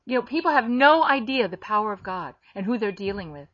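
A woman preaching a sermon in a blunt, emphatic way, rising into sharp bursts when she quotes others. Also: mid-range voice, lively intonation, fairly quick, dry recording, dull audio. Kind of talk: sermon-style teaching.

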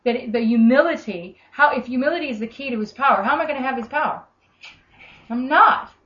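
A woman with an Australian accent preaching a sermon, telling stories in a chatty, animated way. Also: sits high, fairly quick. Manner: conversational, animated storytelling with acted quotes. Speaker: minister. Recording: echoey room, dull lo-fi sound.

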